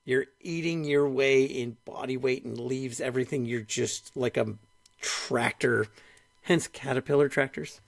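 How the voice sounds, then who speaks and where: A middle-aged man hosting a podcast, chatting casually and retelling conversations in an animated way, full of "like". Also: medium pitch, measured pace, vocal fry, no echo. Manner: animated storyteller, retells dialogue, frequent "like". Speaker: podcast host.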